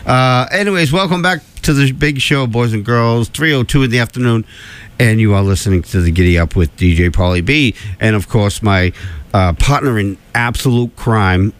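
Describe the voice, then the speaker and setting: A man's voice: medium pitch, moderate pace. A man hosting a radio show in casual, rambling chat, full of fillers and laughter.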